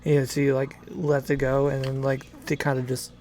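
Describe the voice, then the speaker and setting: A man's voice: medium pitch, completely flat delivery, fairly quick, darkish tone. A man acting as game master, narrating a tabletop game in a hesitant way, with many restarts. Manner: hesitant, lots of fillers and restarts.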